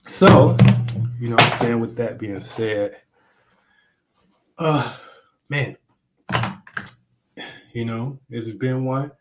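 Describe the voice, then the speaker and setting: A man's voice: medium pitch, slow pace, long pauses, very noisy. A young adult man hosting a live astrology stream, talking loosely and slangily in rambling explanations. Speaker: astrology livestream host. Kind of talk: casual livestream talk.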